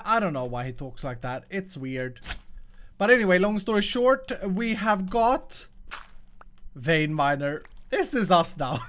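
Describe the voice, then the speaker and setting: A man's voice: fairly high pitch, fairly bright tone, slight background noise. A man hosting his own show, chatting through gameplay in an upbeat way and laughing often. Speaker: host. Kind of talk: casual gameplay commentary.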